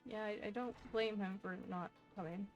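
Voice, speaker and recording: A woman's voice: mid-range voice, steady tone, moderate pace, highs cut off, faint music behind. A young woman chatting casually to her stream while playing a game, laughing and swearing as she goes. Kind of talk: casual live-stream chat.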